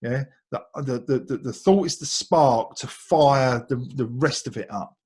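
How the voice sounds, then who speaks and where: A man's voice: medium pitch, unhurried, darkish tone, breathy edge. A man with an Essex accent giving a light-hearted talk on meditation, often repeating words and laughing along the way. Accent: Essex English. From Essex, England. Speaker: meditation teacher.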